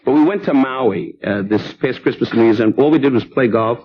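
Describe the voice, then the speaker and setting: A man in his fifties, a comedian guest on a talk show, rattling off insult jokes with mock sincerity. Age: 50s. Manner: rapid insult jokes, mock sincerity, high put-on voices in quotes. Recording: muffled old TV broadcast with hiss.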